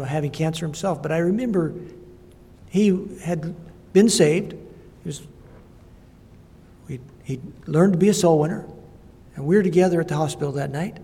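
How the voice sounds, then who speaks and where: Husky older missionary preacher in a hall. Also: male voice, fairly high pitch, warm tone. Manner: halting, reflective storytelling. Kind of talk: sermon with personal stories. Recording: long hall reverb.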